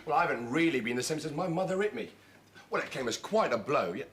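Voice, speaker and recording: An actor playing Wilfred, a self-pitying grown son who runs a theatre, in 1970s TV sitcom acting. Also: male voice, fairly high pitch, expressive, fast, close to an everyday voice. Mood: worried. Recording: noisy old TV soundtrack.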